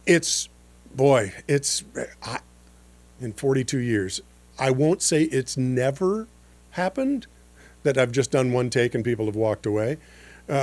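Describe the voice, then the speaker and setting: Easygoing older man coaching voice-over. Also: medium pitch. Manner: easygoing, chatty teaching with frequent fillers. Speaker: voice-over coach and podcast host. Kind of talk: conversational podcast lesson.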